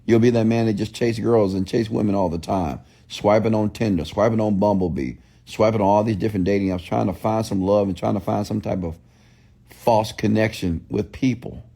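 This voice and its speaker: A man speaks in a blunt, preachy motivational style, repeating questions like a preacher working a crowd. His voice is gravelly with a fry at the edges, and the tone sits dark and mellow. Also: on the low side, fairly even intonation, brisk. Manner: preachy, repetitive call-and-response questions; blunt, scolding. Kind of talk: motivational livestream talk.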